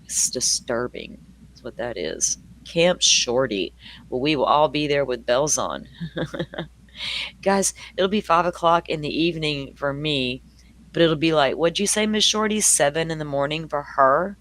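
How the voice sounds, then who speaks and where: Southern older guy hosting a live stream, gabby and laughing, slightly high voice. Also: animated, unhurried, fairly bright tone, no room sound. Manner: chatty, laughs often, addresses viewers by name. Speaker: true crime livestream host. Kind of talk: casual chat with live viewers.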